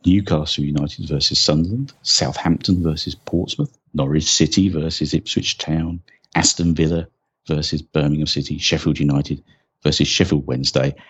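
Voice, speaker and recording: A man's voice: rumbling low, steady tone, moderate pace, slightly rough. A man, a podcast host giving scripted narration with wry mock match commentary asides, heard on a dull lo-fi recording. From England.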